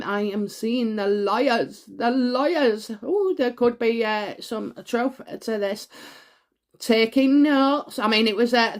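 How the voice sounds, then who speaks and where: A woman in her forties gives a solo tarot reading, her voice sitting a little above the usual pitch for a woman. She rambles and hesitates, stacking up fillers and restarts, and breaks in with gasps as she goes. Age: 40s. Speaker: tarot reader.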